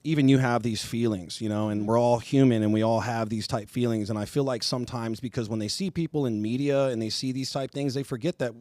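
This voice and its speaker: A man's voice: medium pitch, fairly even intonation, fairly quick, hardly any pauses, darkish tone, no echo, clean studio sound. A man co-hosting a podcast, earnest and affirming, often repeating words as he starts a thought. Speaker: podcast co-host. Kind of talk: supportive conversational interview.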